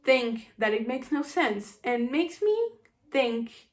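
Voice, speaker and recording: A woman giving an animated, sarcastic book review, acting out the scenes she criticizes. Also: a little high, takes it slowly.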